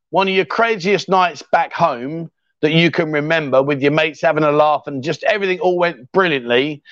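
Chatty English man with a bright voice. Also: fairly high pitch, dry recording. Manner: chatty and jokey, full of mate and fair play. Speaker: live stream host. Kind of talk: casual live-stream chat reading comments. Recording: dry, slightly dull sound.

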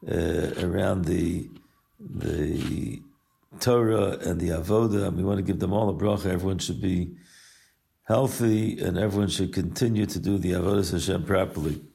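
Older male rabbi, deep gravelly voice, unhurried storytelling message. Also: dark tone. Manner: unhurried, weaves Hebrew and Yiddish terms into English. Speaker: rabbi and yeshiva teacher. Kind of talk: recorded personal message and story.

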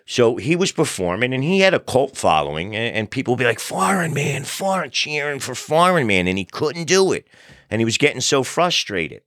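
A man hosting a podcast, telling funny stories in a relaxed, animated way. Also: medium pitch, brisk, no room sound, studio quality. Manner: animated storyteller, acts out crowd voices. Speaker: podcast host. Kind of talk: casual storytelling chat.

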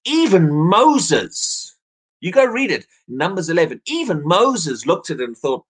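A man delivers an earnest evening sermon in a somewhat high, husky voice. His pitch swings widely as he talks, and he often restarts his phrases by repeating words. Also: sing-song, measured pace. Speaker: preacher.

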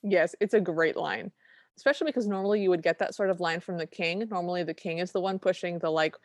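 A woman's voice: lowish voice, fairly even intonation, fast, no room sound, studio quality. A woman co-hosting a podcast, recapping a film in casual chat and acting out quoted lines with enthusiasm. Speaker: podcast co-host.

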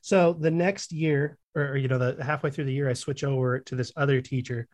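A man's voice: medium pitch, steady tone, a little fast, darkish tone. A young man co-hosting a podcast, telling a long story in casual chat, rambling and correcting himself as he goes. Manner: rambling, swears, self-corrects. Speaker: podcast co-host.

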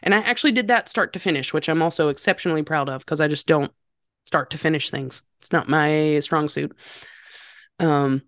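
A woman's voice: sits low, a little fast, a bit bright, no echo, studio quality. A woman, telling stories in a casual chat with a self-deprecating, laughing manner. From North Carolina. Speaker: podcast guest. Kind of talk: casual conversational storytelling.

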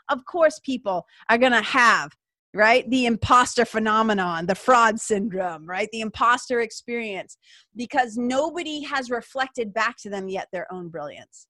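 A woman's voice: a little high, bright, forceful tone, no echo, clean studio sound. Candid, swearing woman. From Massachusetts. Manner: candid, swears freely, lots of fillers. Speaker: podcast host. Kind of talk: casual storytelling monologue.

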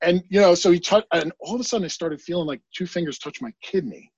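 A man, a guest psychic medium, telling a story in a casual podcast interview, rambling and animated, full of "like" and casual swearing. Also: high voice, fast, breathy edge, dry recording, dull audio.

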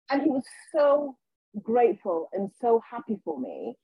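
A husky woman tells a personal story as a podcast guest. She acts out what people said and trips into restarts along the way. The sound is dry and a little dull. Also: a little high, fairly quick, dry recording. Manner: animated, acts out quotes, frequent restarts. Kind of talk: casual storytelling in an interview.

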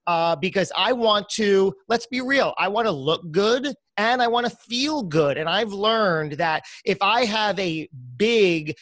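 A man's voice: high-pitched, lively intonation, measured pace, few pauses, a bit bright, dry recording. Chatty New Jersey man hosting a podcast. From United States. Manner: enthusiastic, chatty. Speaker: podcast host. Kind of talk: casual interview chat.

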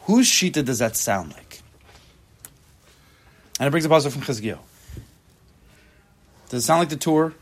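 A man teaching a Talmud class, thinking aloud with quick restarts and reading text out loud. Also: fairly high pitch, animated. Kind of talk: casual shiur teaching.

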